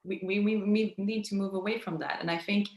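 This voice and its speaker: A woman's voice: mid-range voice, fairly even intonation, fast, roomy sound, slight background noise. A woman guest in a casual conversation who often searches for words, with many fillers and restarts.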